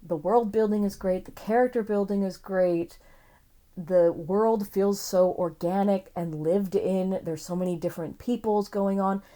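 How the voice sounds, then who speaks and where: A woman's voice: mid-range voice, steady tone, measured pace, dark tone. A woman casually reviewing a book series to camera, gushing and rambling with enthusiasm and the odd swear word.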